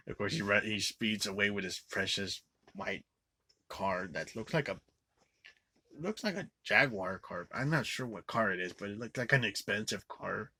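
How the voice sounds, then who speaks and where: A man giving a casual, rambling movie review, swearing a lot and filling every pause with filler words. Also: lowish voice, animated, pushed and bright. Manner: rambling, profane, filler-heavy with frequent "like".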